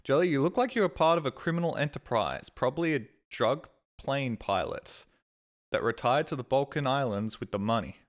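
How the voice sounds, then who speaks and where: A man's voice: medium pitch, expressive, normal speed. A man chatting casually on a live stream, rambling and swearing with a self-deprecating edge, talking from a desk mic at home.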